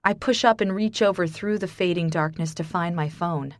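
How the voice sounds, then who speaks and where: A woman's voice: lowish voice, normal speed, no echo, studio quality. A woman narrating an audiobook in the first person in a subdued, somber tone.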